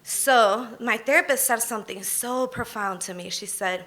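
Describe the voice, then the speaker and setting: A woman's voice: on the high side, moderate pace, a bit bright, a little hiss or hum. A woman in her thirties telling a candid personal story on stage at a live storytelling event, emphatic and conversational.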